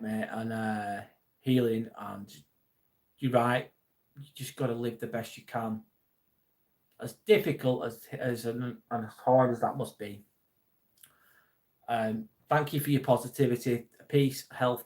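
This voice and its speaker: Livestream host, male, Lancashire accent, mid-pitched, earnest, casual, occasional swearing. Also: darkish tone. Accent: Lancashire English. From England. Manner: earnest, supportive, swears now and then. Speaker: live stream host. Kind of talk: casual live-stream chat reading viewer comments.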